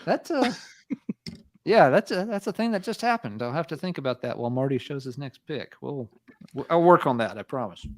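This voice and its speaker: A man's voice: fairly high pitch, animated, moderate pace, dry recording. A man co-hosting a podcast, chatting casually and rambling with stammers, swears and jokey asides. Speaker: podcast co-host. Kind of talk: casual podcast chat about metal.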